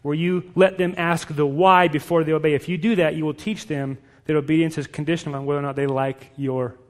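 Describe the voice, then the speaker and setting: A middle-aged man preaching a sermon to parents, direct and emphatic, with lively storytelling. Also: a little high, fairly quick, long reverb tail. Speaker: pastor.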